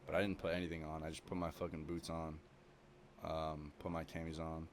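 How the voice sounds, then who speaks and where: Young male podcast guest, low-pitched, loose and profane storyteller. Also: completely flat delivery, a little fast, slight background noise. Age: young adult. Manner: swears constantly, rambling with many fillers. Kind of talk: casual chat.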